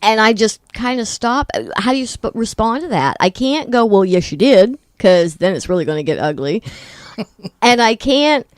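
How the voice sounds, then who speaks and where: A middle-aged woman co-hosting a talk show, telling personal stories in a candid, self-deprecating way with quick restarts. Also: fairly high pitch, lively intonation, no echo, clean studio sound. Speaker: podcast co-host. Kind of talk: casual chat.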